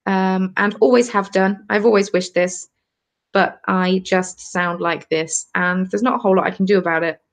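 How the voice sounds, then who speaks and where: A woman in her twenties from southern England hosts a crafting channel, chatting casually on a live stream while knitting and answering viewer comments in her cold home. Her mid-range voice has fairly even intonation at a moderate pace.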